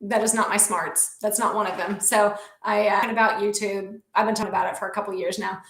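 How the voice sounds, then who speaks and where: A middle-aged woman counselor talking casually on a video call, lively and self-deprecating with quick asides. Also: mid-range voice, reverberant, low-quality recording. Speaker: counselor and guest. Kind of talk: casual conversation. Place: small office room.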